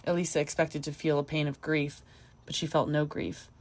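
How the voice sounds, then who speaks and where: Woman narrator, low voice, measured, audiobook story reading. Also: flat delivery, a little mellow.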